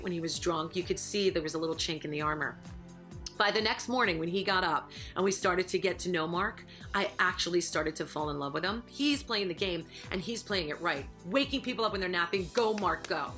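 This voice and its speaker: A woman's voice: fairly low pitch, pushed and bright. A woman who used to be a housemate, giving sassy, emphatic, gossipy opinions about the people in the house. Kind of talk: recorded opinion piece to camera.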